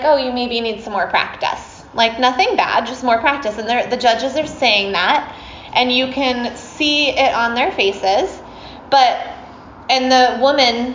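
A woman chats to a class in a casual storytelling way, with lots of fillers and little laughs. Her voice sits a bit high. The room is echoey and the sound a bit muffled. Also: a little hiss or hum. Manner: chatty, many fillers, laughs often.

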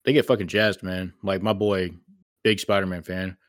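A man's voice: low voice, little pitch movement, moderate pace, no room sound, studio quality. A man and parent chatting casually with advice, swearing as he talks. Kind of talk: casual podcast chat.

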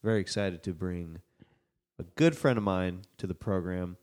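A man hosting a comedy podcast, upbeat and quick to laugh while chatting with a guest. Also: deep voice, a little mellow. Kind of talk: casual podcast chat.

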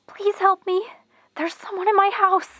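A woman's voice: very high-pitched, steady tone, normal speed, noisy background. A woman voicing a terrified young woman calling for help, stammering in panic.

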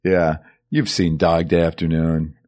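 A man in his thirties co-hosting a casual film podcast, chatty and quick to laugh. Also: sits low, little pitch movement, darkish tone. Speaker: podcast co-host.

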